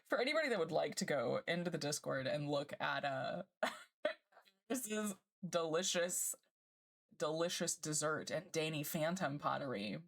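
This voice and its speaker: A woman streamer chatting casually with her live chat, bubbly and gushing and quick to laugh. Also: deep voice, lively intonation.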